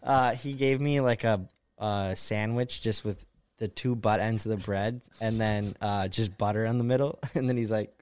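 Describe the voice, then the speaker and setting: A man's voice: on the low side, steady tone, moderate pace, a little mellow, smooth. A man co-hosting a podcast, easygoing and chuckling as he tells a short anecdote. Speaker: podcast co-host. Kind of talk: casual chat.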